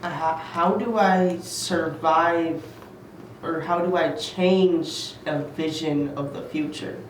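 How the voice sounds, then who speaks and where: Man, player, halting, far from the mic, higher voice. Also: steady tone. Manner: slow, halting, repeats words. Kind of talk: casual tabletop play. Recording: echoey room, distant mic, noise.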